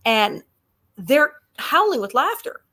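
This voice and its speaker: A guest actress in her sixties tells lively anecdotes in a casual interview, laughing often. Her voice is high-pitched and her pace is slow.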